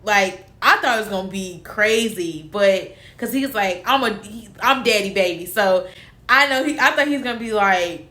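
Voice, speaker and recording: A woman's voice: medium pitch, normal speed. A young woman, casually telling a personal story and acting out the voices of family members. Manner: animated, acts out quotes of family. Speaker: vlogger. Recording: echoey room.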